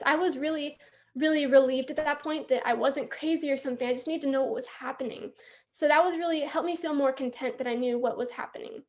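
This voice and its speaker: High-voiced young woman telling her story. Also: steady tone, a little fast. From San Diego, California. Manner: candid, chatty, addresses audience directly. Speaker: youth peer support speaker. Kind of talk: personal story at a conference talk.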